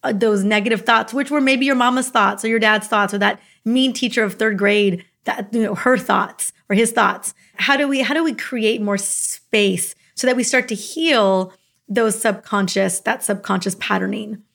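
A woman's voice: mid-range voice, normal speed, gravelly, a bit bright. A woman hosts an interview conversation. She asks her questions with curiosity, hedging and circling back with casual fillers. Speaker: host.

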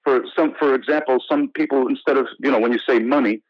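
A man's voice: mid-range voice, fast, no echo. American man telling stories in a slightly lo-fi remote interview. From United States. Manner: animated storyteller, many restarts and "you know". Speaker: actor guest. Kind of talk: casual interview storytelling.

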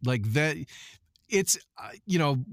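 A man on a podcast panel talks in a loose, rambling way, slightly higher than most men. The mic sound is dry and close, with no room around him. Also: expressive, slow, no room sound. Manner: laid-back, rambling with fillers. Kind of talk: casual panel chat.

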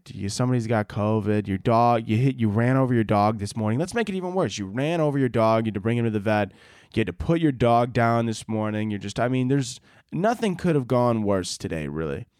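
A man's voice: lowish voice, no echo, clean studio sound. Man ranting sarcastically on a podcast. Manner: exaggerated, sarcastic ranting with dark humor; rambling, self-interrupting storytelling. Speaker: podcast host. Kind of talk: comedic podcast rant.

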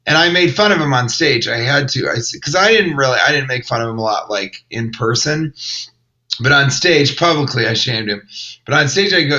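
A man's voice: medium pitch, expressive, moderate pace, bright, forceful tone, rough recording. A man, a comedian, telling a rambling, wry story in casual chat. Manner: rambling, wry, self-interrupting. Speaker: comedian and podcast host.

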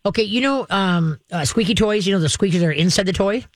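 A woman's voice: mid-range voice, lively intonation, fast talker. A woman hosts a call-in advice show as a dog trainer, talking in a chatty, emphatic way and laughing between her points. She often checks in with her listener. The voice sounds close and dry, with no room echo. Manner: laughs often while explaining. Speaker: dog trainer and radio host.

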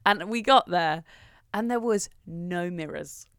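A woman's voice: lowish voice, slow, clear, resonant tone, no echo. A young woman, co-hosting a podcast in casual chat and telling stories with lots of giggles. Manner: chatty, giggly storytelling. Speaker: podcast co-host.

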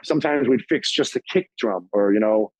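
A middle-aged man telling stories as an interview guest, casual and profane, acting out quoted voices in a higher pitch. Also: brisk, no room sound, low-quality recording.

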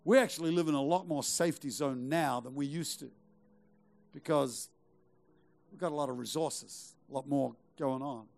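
A middle-aged pastor's medium-pitched voice carries some vocal fry and a slightly mellow quality at normal speed. His sermon is emphatic, urging the congregation forward with rhetorical questions and repeated phrases.

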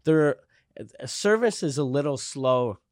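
A man's voice: a little high, animated, measured pace, dry recording, studio quality. A married man, chatting loosely and profanely with friends. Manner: loose, profane, laughing chat. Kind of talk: casual chat.

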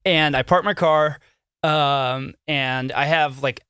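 A man's voice: a little high, steady tone, slow, bright, forceful tone, clear, resonant tone, dry recording, studio quality. A man co-hosting a podcast, telling a rambling story in casual chat and laughing often. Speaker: podcast co-host.

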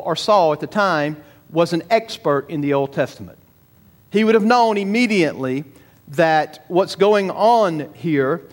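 A man preaching a sermon, emphatic, slowing down and repeating words for stress. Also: high-pitched. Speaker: pastor.

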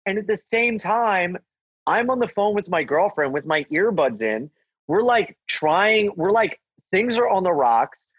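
A man, a stand-up comedian, telling a story in casual chat and acting out the quotes in a higher voice. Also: husky, no room sound, muffled recording. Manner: animated, acts out quotes in a higher voice.

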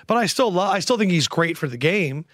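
A man hosting a sports chat show in an opinionated, riffing way. His voice sits a touch higher than most men's. It is recorded on a close, dry mic. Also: lively intonation, a bit bright, no room sound. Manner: opinionated, quick to riff. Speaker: podcast host.

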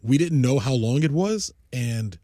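Husky guy cohosting a podcast, rambly, keeps restarting sentences, dry mic. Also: medium pitch, expressive, measured pace, mellow, no echo. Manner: rambling, self-correcting storyteller. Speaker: podcast co-host. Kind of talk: casual sports podcast chat.

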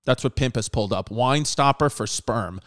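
A man's voice: mid-range voice, normal speed, fairly bright tone. A man hosting a comedy podcast, rambling casually with lots of fillers and swearing. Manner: rambling, profane, filler-heavy. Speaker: podcast host.

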